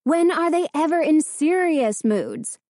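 A woman voicing a busy mother in a storybook reading, brisk and scolding. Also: a little high, very animated, a little mellow, dry recording, studio quality. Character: busy mother, stern but caring.

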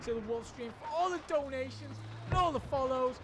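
A young man streaming a video game live, excitedly and breathlessly thanking viewers while laughing between lines. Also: extremely high pitch, fairly quick, very noisy. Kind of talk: live gameplay stream talk. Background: loud game music and gunfire.

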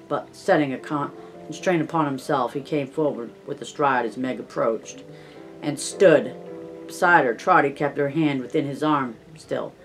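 A man narrating a classic novel as an audiobook in a measured storytelling way. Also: medium pitch, low-quality recording. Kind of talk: scripted narration.

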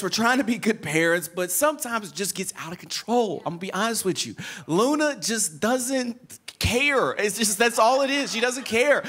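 A man in his thirties preaching a sermon, telling funny family stories in casual slang. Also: sits high. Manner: animated, humorous storytelling in casual slang. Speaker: pastor.

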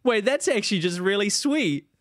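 Male streamer, rambling animated game commentary, slightly high voice, dry close sound. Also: moderate pace, no room sound. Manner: rambling, animated, talks to chat. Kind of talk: casual gameplay commentary.

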